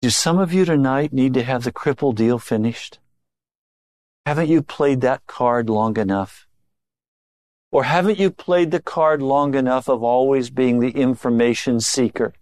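A man preaching a sermon, moving between low confiding remarks and raised, emphatic exhortation. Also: a little slow, a little mellow, no echo. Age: older.

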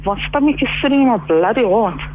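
A woman's voice: fairly high pitch, animated, fairly quick. A woman in her fifties on a phone call, flustered and blunt, exclaiming as she reacts. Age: 50s. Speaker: prank call target, mother. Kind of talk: phone conversation. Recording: dull phone line with faint noise.

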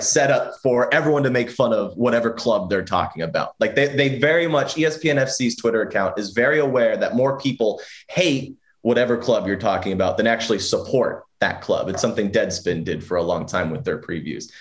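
A man hosting a sports talk segment in loose, casual chat. He teases, laughs often and talks along freely. His voice sits in an ordinary middle pitch. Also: brisk. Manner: laughs often, teasing, chatty.

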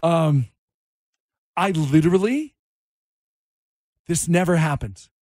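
A man hosting a morning radio talk show, animated and jokey, quick to laugh. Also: on the high side, no room sound, studio quality.

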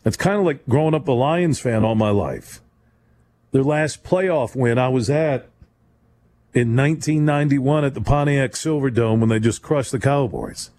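A man hosting a sports talk radio call-in show in a studio, talking in an emphatic, rambling, conversational way and leaping up in pitch to stress a point. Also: moderate pace, a little mellow. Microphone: studio microphone.

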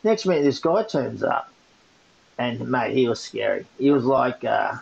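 An Australian man co-hosting a podcast, telling a story in a casual, animated way and laughing often. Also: mid-range voice, unhurried, vocal fry, highs cut off. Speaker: podcast co-host.

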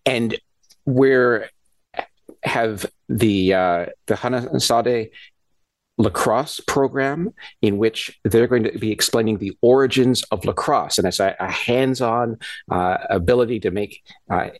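A man speaking as a guest scientist in a radio interview, explaining ideas in a halting way with frequent restarts and repeated words. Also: medium pitch, dry recording. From Canada.

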